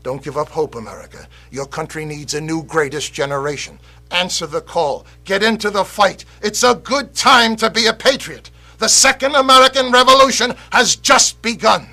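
Man acting as a fiery patriot orator, commanding, declamatory, high-pitched, bright. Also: normal speed, exaggerated voice. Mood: rousing. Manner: rousing, declamatory, swings from shouting to hushed. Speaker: actor in a political video. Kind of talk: impassioned scripted oration.

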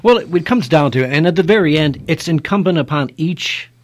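A man's voice: a little high, lively intonation, brisk. A man hosting a talk radio show, chatting casually and emphatically, often restarting his sentences.

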